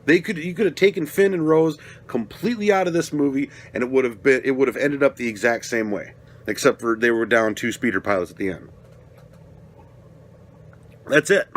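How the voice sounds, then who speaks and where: A man's voice: medium pitch, slight background noise. A young adult man giving a casual, rambling spoken film review, swearing often and getting worked up as he talks. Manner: rambling, profane, gets worked up and loud. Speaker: movie reviewer.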